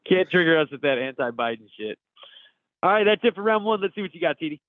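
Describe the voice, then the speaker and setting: A man's voice: sits high, expressive, fast, no echo. Upbeat man on tinny podcast audio. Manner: upbeat, laughing. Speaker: podcast co-host. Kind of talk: casual chat reading memes aloud. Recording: tinny phone-like dry audio.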